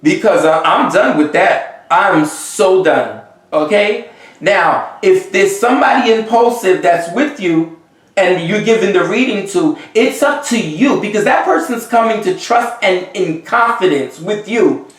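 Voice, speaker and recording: Emphatic high-voiced man in an echoey room. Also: expressive, measured pace, fairly bright tone, recorded from a distance. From Haiti. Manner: emphatic and exasperated, often checking in with "okay?" and "you see?". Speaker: Vodou priest giving advice. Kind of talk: unscripted advice monologue. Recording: very echoey room, voice away from the mic.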